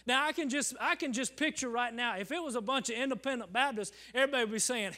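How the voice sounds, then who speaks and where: A man preaching in church with a very high voice that rings sharp and bright. He swings between loud calls and hushed near-whispers, acting out church folk in quoted voices and tossing "Amen?" to the pews. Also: quick pace, hardly any pauses. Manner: acts out congregants in quoted voices, asks the crowd "Amen?". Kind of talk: sermon. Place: church service.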